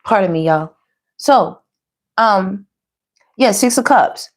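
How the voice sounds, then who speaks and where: A woman's voice: medium pitch, expressive, slow. A woman giving a casual tarot reading, chatty and slangy, talking to viewers as y'all and baby. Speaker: tarot reader.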